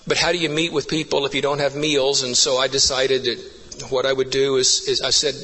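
A man's voice: mid-range voice, flat delivery, normal speed, few pauses, pushed and bright, long reverb tail, low-quality recording. A man preaching a sermon, telling stories earnestly and building to emphatic repeated phrases.

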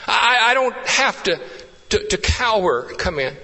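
A pastor preaching a sermon with fervent rises and hushed, intimate drops. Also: male voice, high voice, sing-song, a little slow, husky, in a large hall, poor audio.

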